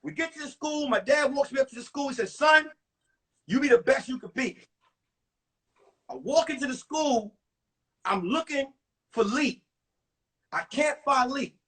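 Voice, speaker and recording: A man from New York performs a one-man comedy show, telling stories and jumping into every character with animated delivery. His voice sits very high for a man and has a raspy edge. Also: moderate pace, long pauses, recorded from a distance, rough recording.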